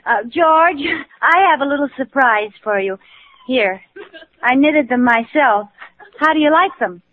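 An actress playing a teasing, good-humored young wife in an old radio sitcom, with dry humor. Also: female voice, high-pitched, animated, a little slow. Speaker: expectant wife. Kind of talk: 1940s radio sitcom acting. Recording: tinny old radio broadcast with hiss and audience laughter.

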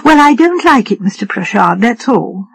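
A woman's voice: fairly high pitch, sing-song, normal speed, husky, rough recording. A woman reader voicing a practical female nurse in a firm, matter-of-fact way.

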